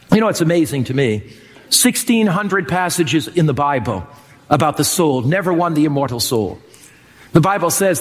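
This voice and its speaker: High-voiced emphatic preacher in a hall. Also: male voice. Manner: emphatic preaching, swinging between slow drawn-out and fast delivery. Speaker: pastor. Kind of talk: sermon.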